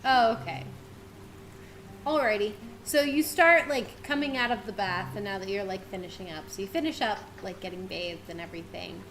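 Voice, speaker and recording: A woman's voice: medium pitch, normal speed, fairly bright tone, a little hiss or hum, low-quality recording. A woman narrating a tabletop game as game master, chatty and full of fillers.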